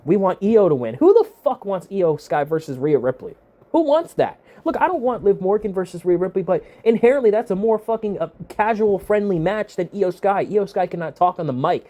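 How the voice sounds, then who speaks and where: A man's voice: a little high, dark tone. A young man ranting with heated, profane exasperation as the host of a wrestling review. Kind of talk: ranting commentary.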